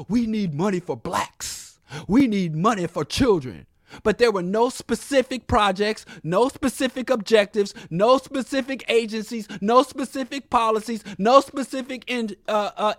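A man with a high voice delivers a fiery, profane political monologue. His preacher-like cadence rises and falls through rhetorical questions. The sound is close and completely dry. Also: fairly bright tone, no room sound.

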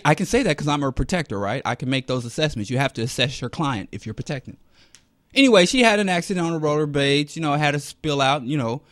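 High-voiced animated man, dry close mic. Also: dry recording. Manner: animated, swings between loud and muttered. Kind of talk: casual monologue.

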